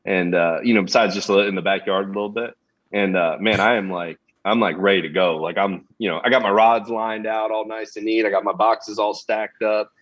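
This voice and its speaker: A man in his thirties, from Florida, chatting casually as a guest pro angler, halting with many restarts. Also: lowish voice, fairly even intonation, a bit bright, muffled recording. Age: 30s. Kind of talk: casual podcast chat.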